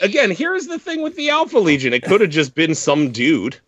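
A man's voice: high voice, a little fast, crowd noise. A man co-hosting a casual podcast chat, ranting with plenty of swearing. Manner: ranting, profane, animated. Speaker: podcast co-host. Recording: dry, lo-fi podcast audio.

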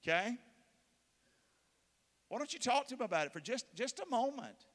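A man's voice: very high-pitched, big pitch swings, normal speed, fairly bright tone. A middle-aged man preaching a sermon, leading the congregation in prayer and pressing them to answer back. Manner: emphatic, leads prayer, calls on the congregation. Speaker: pastor. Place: large church hall. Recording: long hall reverb from a church.

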